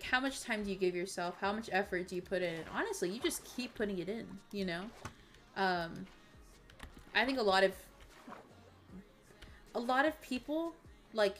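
A woman streaming a game, talking in a rambling, earnest way with many fillers and restarts. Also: mid-range voice. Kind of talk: casual stream chat.

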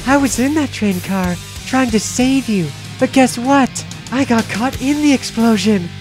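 A performer plays a sarcastic woman adventurer who answers everyone with dry, cutting remarks. The voice sits at a medium pitch. Faint music runs in the background of this comic fan-parody audio. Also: unhurried, close to an everyday voice. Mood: furious. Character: snarky, vengeful woman adventurer. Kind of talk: comedic fan parody voice acting.

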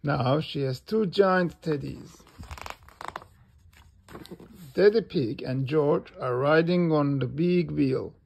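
A man reads a children's storybook aloud, slow and animated. His gravelly voice sits slightly high for a man. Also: a little hiss or hum. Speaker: storybook reader. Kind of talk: children's book reading.

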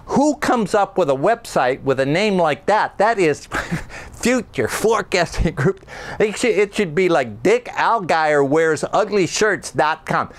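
A man's voice: a little high, voice pushed up, natural voice. A man voicing a brash, pushy male voiceover celebrity who rants indignantly. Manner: ranting, indignant, fast-talking.

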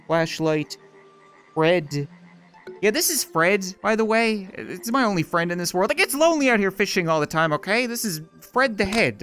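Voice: medium pitch, fairly bright tone. A video game host giving casual, joking let's-play commentary while playing, chatting directly to viewers.

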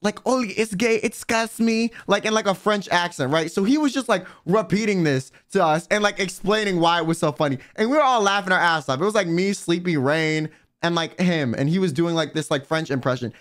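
A young man livestreaming as a vtuber, telling stories in a casual, animated way with plenty of swearing and filler words. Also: high-pitched, a little fast. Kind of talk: casual storytelling on stream.

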